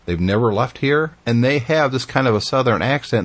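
A man's voice: mid-range voice, expressive, normal speed. A man hosting a casual interview and asking curious questions. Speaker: host.

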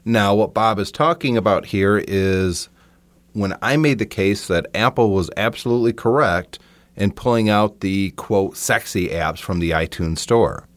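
Man, podcast host, opinionated, casual chat, lowish voice, dry close sound. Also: measured pace, dry recording. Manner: chatty and opinionated, with frequent restarts. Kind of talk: casual solo podcast talk.

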